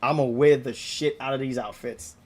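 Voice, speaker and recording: A man's voice: mid-range voice, steady tone, a little fast, lightly acted. A man reading game dialogue aloud, voicing a brash young female knight who swears casually and talks with swagger. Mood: cocky.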